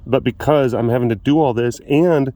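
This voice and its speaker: At a big cat compound, a man holds his phone close and films through a glass door while chatting for his vlog in a rambling, self-deprecating way, chuckling as he goes. His voice is mid-range and mellow at a normal speed, and there's no echo.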